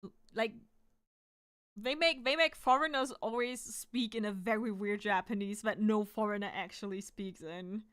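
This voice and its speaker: A woman from Germany with a German accent, a native German speaker chatting casually while drawing on stream, talking fast and sometimes fumbling her words. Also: medium pitch, a bit bright, smooth. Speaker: artist streamer.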